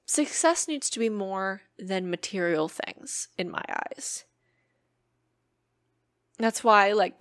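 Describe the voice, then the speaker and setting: Woman, podcast host, earnest, emotional, swears freely, mid-range pitch, dry close sound. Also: a bit bright, dry recording. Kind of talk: personal podcast monologue.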